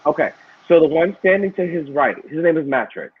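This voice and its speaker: A man, a wrestler, talking in a casual interview, telling animated stories and laughing along the way. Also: fairly high pitch, a little fast, slightly rough, phone-quality sound. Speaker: wrestler guest.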